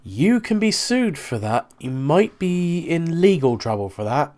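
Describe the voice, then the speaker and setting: A man reacting to posts in casual chat, hesitant and halting, often restarting his words. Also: fairly high pitch, big pitch swings, a little mellow. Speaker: co-host reacting.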